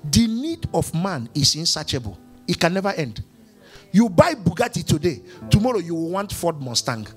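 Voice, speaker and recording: A man preaching a sermon as pastor, emphatic and repetitive, swinging between quiet and loud. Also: a little high, big pitch swings, normal speed, breathy edge, faint music behind.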